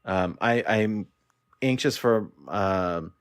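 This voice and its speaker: A man's voice: fairly low pitch, takes it slowly, no echo, clean studio sound. A man appearing as a podcast guest, chatting casually in a hesitant way with lots of fillers. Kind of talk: casual chat about a card game.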